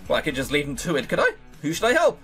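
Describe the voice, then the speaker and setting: A man reads a visual novel aloud in a slightly high voice. His pitch jumps around a lot, and he cuts in with sarcastic, swearing asides. Faint background music plays under his talk. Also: wildly swooping pitch, rapid-fire, fairly bright tone. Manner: sarcastic, swears casually, jokes to himself. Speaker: let's play host. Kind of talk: reading a visual novel aloud with joking commentary.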